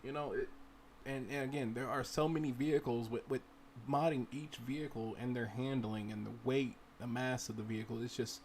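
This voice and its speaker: Guy rambling thru a modding tutorial stream, mid-pitch voice, talks right at viewers. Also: steady tone, brisk, a little mellow, slightly rough. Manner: rambling, talks to viewers directly and urges them on. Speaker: gaming livestream host. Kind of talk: casual screen-share modding tutorial.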